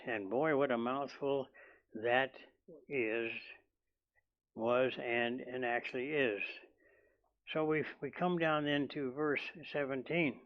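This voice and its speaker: Slow, deliberate male preacher. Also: mid-range voice, steady tone, highs cut off. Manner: slow and deliberate, with many restarts. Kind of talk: sermon. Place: church hall.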